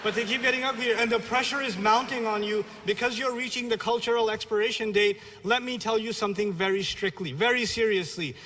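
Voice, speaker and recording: Man giving a religious lecture, high bright voice, blunt and joking, long hall reverb. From Pakistani family, raised in New York City. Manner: blunt, humorous, exhorting. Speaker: Islamic lecturer.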